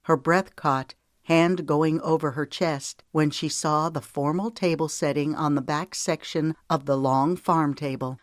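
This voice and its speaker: An audiobook narrator reading a romance novel in an even, gentle storytelling manner. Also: mid-range voice, unhurried, few pauses, dry recording. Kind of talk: scripted narration.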